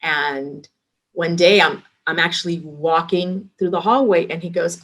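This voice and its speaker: A middle-aged woman, a restaurant executive, telling lively work anecdotes in a casual interview and acting out the dialogue she quotes. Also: fairly low pitch, a little slow.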